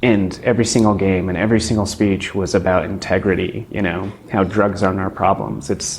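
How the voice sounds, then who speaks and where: A man's voice: lowish voice, creaky, darkish tone. A man, a former student now on staff, reflecting earnestly on his past, often adding "you know" and "right?". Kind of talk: personal testimony.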